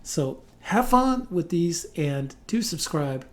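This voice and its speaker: A man teaching a casual guitar lesson in a relaxed, chatty way, scatting rhythms aloud between explanations. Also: on the high side, takes it slowly. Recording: loud guitar under the voice. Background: guitar playing.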